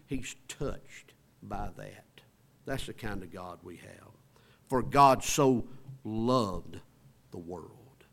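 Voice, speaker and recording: Folksy preacher man. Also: medium pitch. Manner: swings from soft, hushed lines to loud emphatic ones; folksy, talks straight to the congregation. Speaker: pastor. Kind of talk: sermon.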